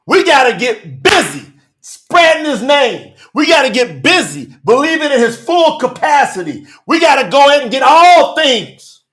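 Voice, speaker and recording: A man preaching a sermon, reading scripture verses and commenting on them with emphatic rhetorical questions and bursts of shouting. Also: extremely high pitch, big pitch swings, moderate pace. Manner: breaks into shouting.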